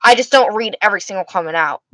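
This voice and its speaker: A young livestreamer, sounding tired, talks fast and casually as she reads her chat, rambling with frequent restarts. Her mid-range voice has a sharp tone. No room sound is audible, and the recording is rough.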